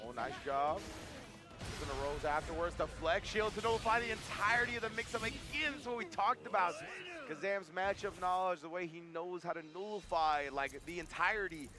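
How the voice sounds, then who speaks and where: A male esports commentator with a high-pitched voice, calling fighting game matches with hype and easy banter. Music plays behind him. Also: a little fast. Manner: excitable, hype-driven, joking with co-caster.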